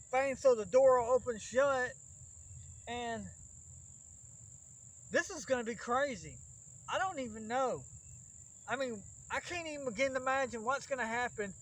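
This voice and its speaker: Host for a backyard wrestling vlog: a very high-pitched man with a Southern Alabama accent, rambling and worried, recorded outdoors among insects. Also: low-quality recording. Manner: rambling and fretful, with restarts. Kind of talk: casual rambling vlog talk.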